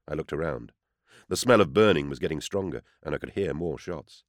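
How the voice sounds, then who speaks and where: A man with a very deep voice narrates an audiobook in the first person, measured and tense. The sound is dry and close, with no room around it. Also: animated, no echo.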